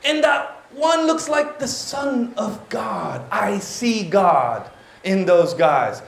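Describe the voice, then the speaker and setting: A man's voice: high-pitched, lively intonation, slow, vocal fry, roomy sound, exaggerated voice. A man voicing a proud, angry ancient king who exclaims in disbelief. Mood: astonished.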